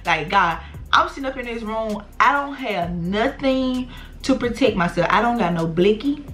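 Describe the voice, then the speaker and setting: A young adult woman vlogger telling a storytime straight to her viewers. She talks in an animated, slangy way and swears freely. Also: fairly high pitch, moderate pace, soft background music. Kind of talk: storytime vlog.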